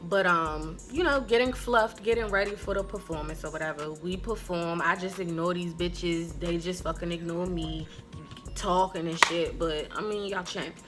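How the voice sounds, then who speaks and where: A woman telling a story in a casual vlog, animated and profane, laughing often. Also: on the low side, normal speed, over music.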